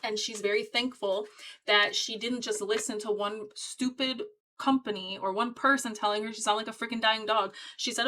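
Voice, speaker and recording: A woman's voice: on the high side, steady tone, normal speed, bright, forceful tone, low-quality recording. A woman giving a casual tarot reading to her viewers, talking in a chatty, emphatic and encouraging way. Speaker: tarot reader.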